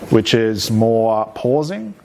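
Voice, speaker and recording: A man's voice: on the low side, slow, creaky. Man coaching a workshop. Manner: energetic, coaching, with frequent checks like "okay?". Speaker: hypnosis trainer. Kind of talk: live workshop teaching. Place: training room with an audience.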